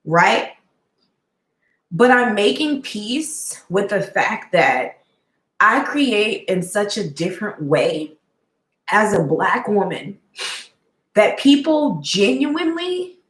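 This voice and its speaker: Slow-talking woman on a live stream. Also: mid-range voice, a bit bright, reverberant, low-quality recording. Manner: heartfelt, talks straight to viewers and answers their comments. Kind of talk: casual live-stream chat.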